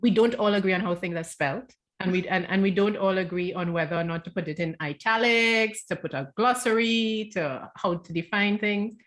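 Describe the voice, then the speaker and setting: A woman author with a Trinidadian accent speaks in the middle of her pitch range. She is chatty and animated and often stops to restart her sentences. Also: fairly quick, hardly any pauses. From South Trinidad. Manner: animated, with frequent restarts and repeated words. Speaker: author guest. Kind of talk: casual conversation.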